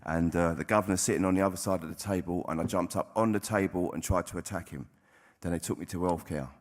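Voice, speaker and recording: A very deep, low-pitched male voice tells his story to an audience. His delivery is plain-spoken and frank, with casual swearing. It has the candid tone of a personal testimony. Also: fast talker. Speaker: recovering addict sharing at a convention.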